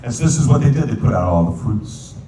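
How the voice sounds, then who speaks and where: A rabbi telling a folk tale as a sermon, lively and playful, now and then singing verses in Hebrew. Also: male voice, medium pitch, fast talker. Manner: animated storyteller, sings Hebrew verses. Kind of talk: storytelling sermon. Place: synagogue sanctuary. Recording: echoey hall, distant mic, faint room noise.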